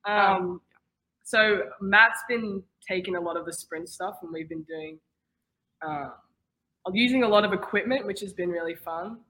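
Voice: medium pitch, measured pace, sharp tone, rough recording. Thoughtful, hesitant young swimmer. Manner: thoughtful, hesitant, many ums. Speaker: swimmer on a team. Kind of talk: casual interview answers.

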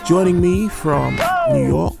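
A man's voice: high-pitched, lively intonation, slow, vocal fry, over loud music. A man hosting a podcast, talking earnestly with many restarts and fillers. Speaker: podcast host. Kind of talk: casual podcast chat.

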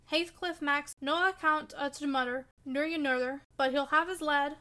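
A stern old manservant barks in thick Yorkshire dialect, dragging his words out slowly and loudly, as a woman reads him in a bright voice. It is a storybook voice, scolding and stubborn, pitched high for an old man. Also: fairly even intonation. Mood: gruff scolding. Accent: Yorkshire dialect, put on. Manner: loud, slow, emphatic. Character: gruff old male servant, stern and scolding.

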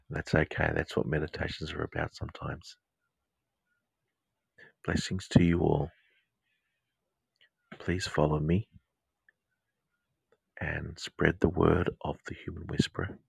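Gravelly whispering Australian man, deep. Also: level tone, no room sound, poor audio. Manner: slow, soft and soothing, repeating mantras. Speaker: counsellor and podcast host. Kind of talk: whispered guided meditation. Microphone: close to the mic.

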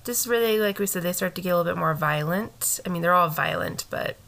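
Woman, American, podcast co-host, casual rambling chat, vocal fry, hedging, casual swearing. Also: lowish voice, fast, fairly bright tone. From United States. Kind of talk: casual true-crime chat.

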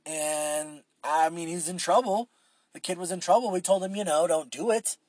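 Profane rambling man, husky voice. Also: on the high side, moderate pace, a little mellow, dry recording. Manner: rambling and profane, with frequent fillers and restarts. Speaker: podcast host. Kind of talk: casual solo podcast monologue.

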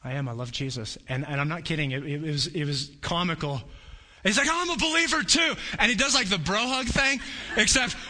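A man preaching a sermon, telling a personal story with animated storytelling and acting out voices. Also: on the high side, fairly quick. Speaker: pastor.

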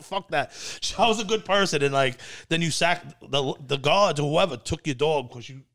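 Gravelly animated storyteller man. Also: normal speed. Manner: animated storyteller, acts out quotes in a high voice. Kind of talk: casual storytelling.

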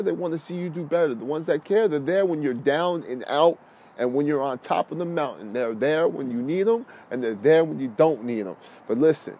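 A man who is a health and fitness coach, giving a blunt, slangy motivational podcast talk. He repeats key phrases and swings between loud bursts and calm, low talk. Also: a little hiss or hum.

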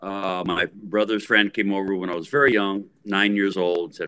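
A man in his sixties from the Bay Area, a rock guitarist telling a story in a casual interview, lively and full of fillers. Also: sits low, normal speed, few pauses, clear, resonant tone, no room sound. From San Francisco Bay Area, USA. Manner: animated, acts out voices, lots of fillers.

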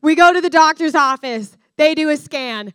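A young adult woman giving a candid, animated personal-story sermon to students as a guest speaker. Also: high voice, normal speed, no echo. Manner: candid, animated storyteller who addresses the room directly. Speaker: guest speaker at a discipleship school.

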